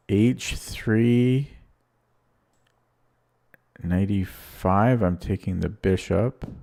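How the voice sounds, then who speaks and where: A man's voice: low-pitched, expressive, slow pace, pauses often, darkish tone. A man streaming online chess, thinking aloud in short, anxious fragments as he weighs each move. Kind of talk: live commentary while playing online chess.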